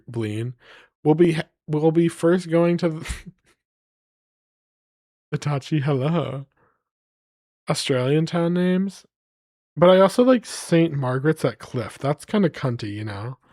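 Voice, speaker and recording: A man's voice: mid-range voice, a little mellow, dry recording, clean studio sound. A man streaming live, rambling playfully to his chat as he reads place names aloud.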